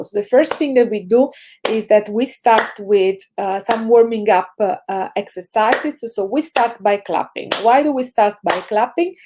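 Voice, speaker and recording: A woman's voice: on the high side, noisy background. A woman with an Italian accent, teaching a laughter yoga session over a video call, explaining and leading chanted exercises. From Italy. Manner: energetic, instructive, chanting ho ho ha ha. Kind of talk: guided group exercise session.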